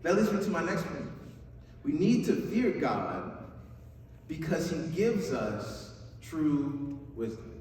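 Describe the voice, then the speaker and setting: A youth pastor, a young man, delivers a youth sermon in a chatty, upbeat style and keeps checking in with his listeners. His voice sits a little high, swings widely in pitch, and has a slightly mellow quality, coming out slowly with long pauses. The mic is distant in an echoey hall, with faint noise.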